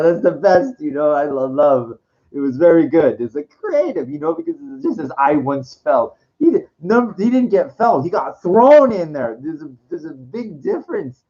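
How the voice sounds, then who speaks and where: In dull-sounding audio, a slightly mellow man talks casually and rambles, restarting often and using fillers. Sometimes he shifts into a low, slow voice for quoted lines.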